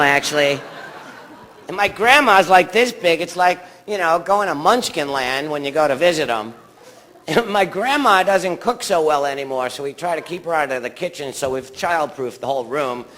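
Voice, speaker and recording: A man works a live theatre crowd with a stand-up set, his voice pitched high and ringing bright. He rambles from bit to bit and keeps stopping to banter with the audience. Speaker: stand-up comic.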